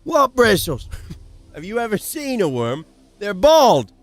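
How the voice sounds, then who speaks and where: A cheeky young street boy, put on by a man, shrill and mocking. He jeers at everyone in a high, bouncing voice that leaps around as he shouts over the top. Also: huge pitch swings, slow pace, dry recording, heavily acted. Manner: shrill, jeering, loud.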